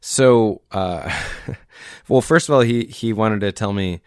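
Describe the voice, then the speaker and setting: Low-voiced, easygoing male co-host, slightly tipsy, dry sound. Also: slow, a little mellow, smooth, no room sound. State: tipsy from drinking. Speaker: podcast co-host. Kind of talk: casual chat.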